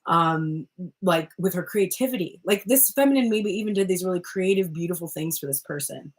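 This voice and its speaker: A woman's voice: medium pitch, big pitch swings, normal speed, slightly rough. Chatty woman giving a rambling tarot reading. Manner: chatty, rambling, self-interrupting with frequent "like"; laughs often. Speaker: tarot reader.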